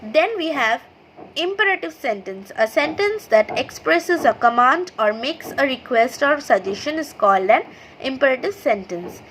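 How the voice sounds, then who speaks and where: A woman's voice: high voice, lively intonation, a bit bright, a little hiss or hum, rough recording. A woman with an Indian English accent teaching an online English grammar lesson to school children, reading example sentences and naming their punctuation step by step. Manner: reads sentences aloud, then names the punctuation; slow, explanatory, checks in with "okay". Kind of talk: online class lesson over slides.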